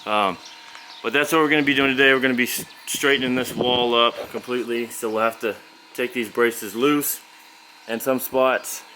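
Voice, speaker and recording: A man talks through carpentry on an outdoor job site, relaxed and folksy as he explains each step. His voice sits at a middle pitch. Wind gusts across the camera's built-in mic, adding clear noise behind him. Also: normal speed. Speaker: builder showing his work. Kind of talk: casual job-site walkthrough. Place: outdoor construction site, windy. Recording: windy outdoor camera audio.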